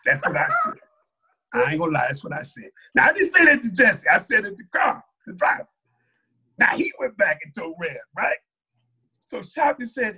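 A man, a mosque captain, giving a personal testimony as a lively, colloquial story, acting out what others said. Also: high voice, moderate pace, slightly rough. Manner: animated, colloquial, acts out other people's lines.

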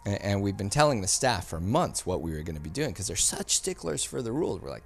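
A man, a filmmaker guest on a podcast, telling a story in a casual, animated way and acting out the people he quotes. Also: fairly low pitch, fast, vocal fry, few pauses, faint music behind. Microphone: studio mic.

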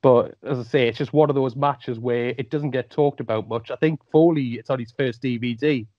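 A man's voice: medium pitch, steady tone, normal speed, dry recording. A man with a mixed Geordie and Welsh accent chatting as a podcast guest, jokey and wry as he talks. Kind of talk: casual chat. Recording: dry, dull lo-fi sound.

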